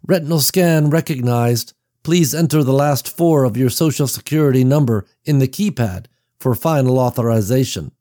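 A man's voice: mid-range voice, moderate pace, few pauses, mellow, dry recording, clean studio sound, voice pushed up, natural voice. A man doing a clipped computer voice. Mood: mechanical. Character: cold female computer security voice.

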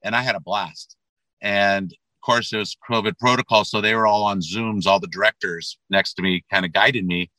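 A man's voice: fairly low pitch, fairly even intonation, moderate pace, bright, forceful tone, no room sound, low-quality recording. A middle-aged man, a metal band frontman, chatting casually as an interview guest, rambling with many fillers and repeated words.

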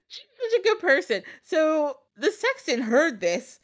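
A woman hosting a podcast, retelling a folktale in a giggly, animated way. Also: sits high, takes it slowly. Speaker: podcast host. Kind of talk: casual storytelling.

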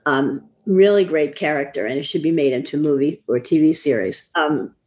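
A woman's voice: deep voice, normal speed, a little mellow. An older woman, a fiction editor, chatting as a guest and laughing often, trailing off and restarting her sentences. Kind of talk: casual interview chat. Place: apartment.

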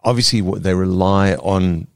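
A South African man, a cartoonist guest in a casual interview, speaking earnestly and pausing to search for words. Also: low-pitched, vocal fry, no room sound.

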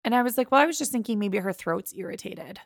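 Young woman with a gravelly voice. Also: medium pitch, fast, dry recording, studio quality. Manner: animated retelling, acts out both sides of quoted dialogue. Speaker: podcast co-host. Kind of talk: casual storytelling chat.

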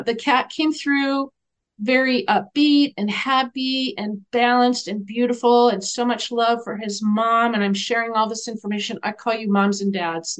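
Woman guest, animated storyteller, slightly high voice, acts out the dialogue. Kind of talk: storytelling in a podcast interview.

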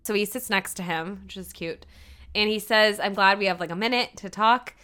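A woman co-hosting a casual chat, animatedly retelling a TV episode and quoting the characters in quick put-on voices. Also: medium pitch, bright, forceful tone, clear, resonant tone. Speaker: podcast co-host recapping a TV episode.

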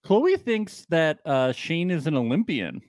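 A man co-hosting a casual podcast, talking slowly and drawing out his words with plenty of "uh"s. His voice sits somewhat high. The sound is close and dry, with no room behind it. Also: sing-song, darkish tone, no room sound. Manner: slow, drawn-out delivery with frequent fillers. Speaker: podcast co-host. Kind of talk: casual chat.

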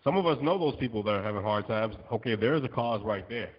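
A man's voice: fairly low pitch, animated, quick pace, husky. A man co-hosting a podcast in casual chat, talking loosely with many fillers. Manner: conversational, with many fillers like "you know". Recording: dull recording with long reverb.

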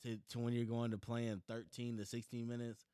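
Relaxed guy steering a sports chat. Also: mid-range voice, fairly quick, no room sound, studio quality. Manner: relaxed, asks questions, steers the talk. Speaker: podcast co-host.

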